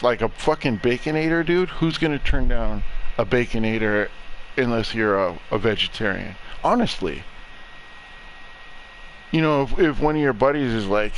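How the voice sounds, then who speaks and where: A young adult man streaming a game, rambling through a profane, deadpan conspiracy rant. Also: medium pitch, moderate pace, a little hiss or hum, low-quality recording. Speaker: gaming streamer. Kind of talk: casual chat while streaming a game.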